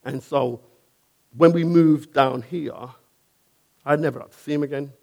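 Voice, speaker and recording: A man's voice: a little high, steady tone, unhurried, vocal fry, darkish tone. A man, a painter and decorator, earnestly telling a personal testimony in a conversational way and often checking in with his listener.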